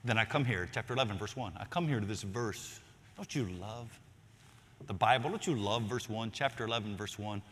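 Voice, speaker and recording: A man preaching a sermon as a pastor, swinging between loud emphatic lines and near-whispered ones. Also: on the low side, fairly quick, in a large hall.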